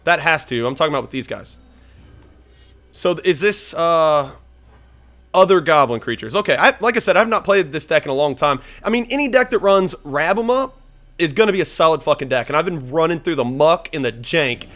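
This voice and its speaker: A man's voice: fairly high pitch, animated, fairly quick, a bit bright. A young man giving casual, profane gameplay commentary as he plays a card game, rambling and thinking aloud. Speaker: gaming YouTuber.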